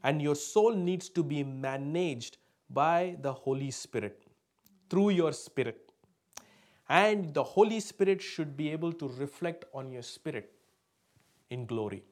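A man preaching with an emphatic pulpit delivery, his voice sitting a little above the usual male pitch. He keeps checking in with the congregation and calling for replies, then drops into quiet asides before pushing loud again. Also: animated, unhurried. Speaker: pastor. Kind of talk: sermon to a live congregation.

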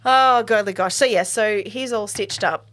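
A woman co-hosting a podcast in a relaxed recap chat, her voice sitting at an ordinary middle pitch. She laughs often and quotes her favourite lines along the way. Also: normal speed, slight background noise. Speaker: podcast co-host. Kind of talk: casual chat recapping a TV episode.

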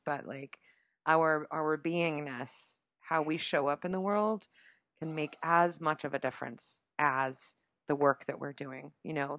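Woman podcast host, deep voice, dry close sound, playful and chatty. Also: a bit bright, dry recording. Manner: playful and chatty, often laughing. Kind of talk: casual chat.

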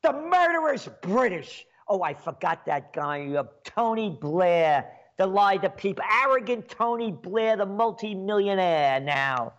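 Male commentator, high, swooping voice, slow, sarcastic rant. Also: expressive. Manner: sarcastic and scornful, with sudden shouts. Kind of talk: ranting commentary. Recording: dull lo-fi sound.

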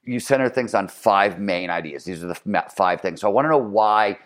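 A man's voice: lowish voice, animated, fairly quick. A man hosting a podcast, talking in a thoughtful and reflective way. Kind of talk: casual conversational chat.

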